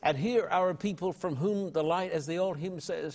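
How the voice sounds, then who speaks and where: A man speaks in a somewhat high voice with the fervour of a preacher. He answers questions emphatically and slows right down to stress the words that matter most. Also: darkish tone. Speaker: evangelist interviewee. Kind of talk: impassioned interview answers.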